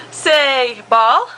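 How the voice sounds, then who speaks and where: A mother in a home video talks to her little ones in a high, bouncing voice, coaxing them slowly and laughing often. The recording is noisy with household hum underneath. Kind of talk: home video baby talk. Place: family home.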